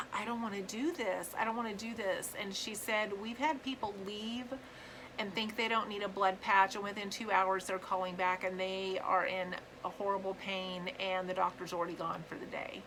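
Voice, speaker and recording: Bright-voiced woman telling her story. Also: medium pitch, level tone, slight background noise, rough recording. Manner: earnest, halting, with many fillers and restarts. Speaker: vlogger sharing her own story. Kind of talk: personal storytelling to camera.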